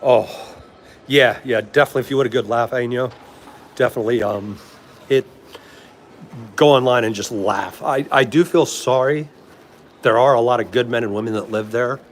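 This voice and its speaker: A man's voice: medium pitch, moderate pace, long pauses, a little hiss or hum. A middle-aged man with a DC accent, chatting casually on a livestream in a rambling way, laughing often and answering viewer comments. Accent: DC area. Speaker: livestream host.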